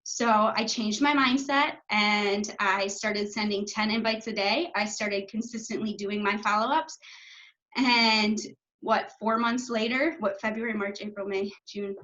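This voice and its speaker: A woman's voice: mid-range voice, steady tone, a little slow, pushed and bright, dull audio. A woman in her twenties, a coach, talking casually and chattily on a video call, filling her speech with "like" and swearing when she gets passionate.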